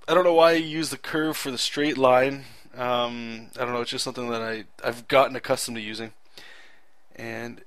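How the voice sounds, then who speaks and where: A man's voice: mid-range voice, a bit bright, no echo. Guy chatting over his drawing recording, dry close sound, mid voice, lots of ums and restarts. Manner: rambling and conversational, with frequent ums and self-corrections; earnest and enthusiastic about clear storytelling. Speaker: artist narrating his drawing process. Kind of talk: casual voice-over commentary on a speed drawing.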